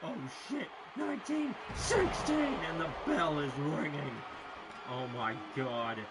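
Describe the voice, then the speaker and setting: A man calls a wrestling match in an amateur play-by-play style, his voice pitched a little high and his delivery slow and drawn out. He breaks into excited shouts and curses at big moments. Loud game audio plays steadily under him. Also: very noisy. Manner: swears and shouts in sudden excitement; slow, drawn-out calling between bursts.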